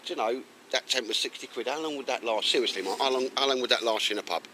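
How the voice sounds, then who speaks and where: A man's voice: mid-range voice, a crowd in the background, rough recording. A man vlogging a day in the woods, chatting and joking with a friend to camera. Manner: joking, teasing, quick laughs. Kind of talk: casual banter to camera. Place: outdoors in woodland.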